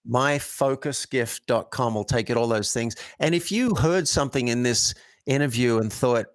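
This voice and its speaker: A man's voice: medium pitch, moderate pace, dry recording. A man coaching guest in an interview, telling stories earnestly and acting out example phrasings. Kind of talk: conversational interview.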